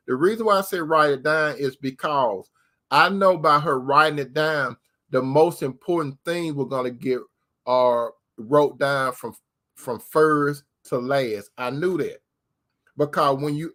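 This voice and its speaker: A man's voice: fairly high pitch, fairly bright tone. A man hosting an advice talk, telling a personal story in a preacherly way, repeating his points and addressing listeners as brothers and sisters. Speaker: channel host.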